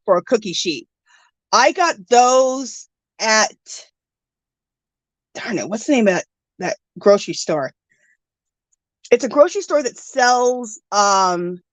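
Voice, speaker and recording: A middle-aged woman hosts a live art stream from home in an animated, sing-song voice that rises high. She reads viewer comments aloud in a chatty, gushing way and sounds teary. The sound is close and dry. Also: no room sound. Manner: warm, gushing, emotional, scattered. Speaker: art livestream host. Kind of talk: casual livestream chat reading comments.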